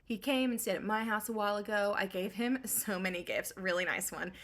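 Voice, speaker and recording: A woman's voice: mid-range voice, fairly quick, fairly bright tone, close to an everyday voice. A woman voicing a cocky, scheming male king who plays pranks, parodied in breezy modern slang.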